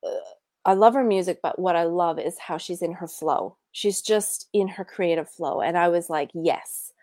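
An Australian woman, middle-aged, sharing an emotional personal story, animated and expressive, often dropping to a hushed whisper. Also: on the low side, normal speed, no echo. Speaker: guest sharing a healing story.

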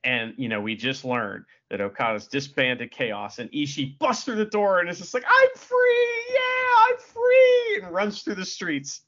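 A man's voice: medium pitch, normal speed, hardly any pauses, bright, forceful tone, lo-fi sound. A man co-hosting a casual podcast chat, rambling and playful, often stopping to ask questions. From United States. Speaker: podcast co-host.

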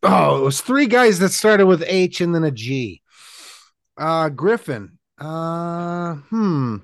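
This is a man co-hosting a casual podcast. He talks in an easygoing way and hedges his picks aloud. His voice is fairly high for a man, and it is recorded dry and close. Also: lively intonation, slow, no echo. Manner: easygoing, unsure guesser. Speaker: podcast co-host. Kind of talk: casual chat.

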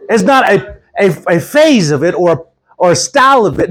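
A man's voice: high voice, sing-song, moderate pace, fairly bright tone, poor audio. A man from Texas, a traveling preacher, giving an informal, folksy sermon and often repeating words as he tells stories. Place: church gathering.

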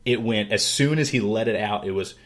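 A man on a podcast casually retelling a fantasy novel, animated and quick to laugh, acting out the characters' lines. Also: on the low side. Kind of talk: casual chat.

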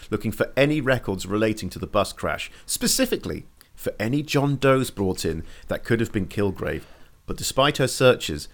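A man with a low voice hosts a relaxed podcast. He recaps a show's plot in an eager, storytelling way, then drifts into easy banter with his co-host. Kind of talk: casual podcast chat and episode recap.

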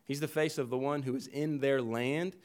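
A man preaches a sermon in a mid-pitched voice, explaining the text verse by verse. He drives his points home by repeating phrases, and he often restarts a sentence partway through. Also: steady tone, normal speed, clean tone. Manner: earnest expository preaching with emphatic repetition. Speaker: pastor.

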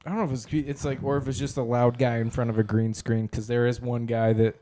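A young man in casual podcast chat, dropping wry asides and waving topics off with "anyways". His voice is mid-pitched and plain, and his delivery is relaxed and conversational. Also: fairly quick, slight background noise. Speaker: podcast co-host.

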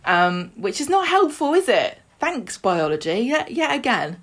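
Her voice is a little high with big pitch swings, and she speaks at a measured pace. As a podcast co-host casually recapping a soap, she acts out scenes, imitates characters, and laughs a lot.

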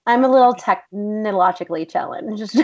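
A woman chatting as a guest in a relaxed interview, open and outspoken, dropping the odd curse and breaking into laughter. Her voice sits mid-range and comes through slightly dull and lo-fi. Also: medium pitch, normal speed. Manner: candid, swears freely, laughs often. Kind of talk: casual interview chat. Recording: dull lo-fi sound.

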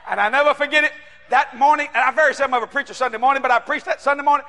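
High, bright, shouting preacher man. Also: very fast, in a large hall, a little hiss or hum. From New Orleans, Louisiana. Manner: animated, shouting, acts out voices. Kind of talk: sermon storytelling.

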